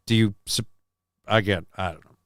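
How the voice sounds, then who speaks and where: The voice is a man's, lowish and fairly even in intonation, with a clean, fairly bright tone at normal speed. As host of a casual stream, he reads out chat messages and rambles defensively in response, swearing casually as his voice occasionally cracks. The studio-quality recording has no room sound.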